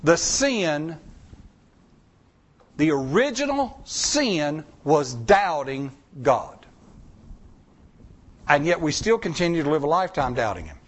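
Here a pastor with a fairly high-pitched voice gives his sermon in a homey, talk-to-you manner, letting his pitch rise and fall with each point. He is very animated, though his pace runs a little slow.

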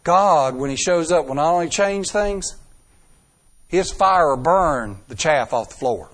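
High-voiced preacher, emphatic. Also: male voice, lively intonation, measured pace. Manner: emphatic, dramatic swings in loudness and pace, rhetorical questions. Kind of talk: sermon.

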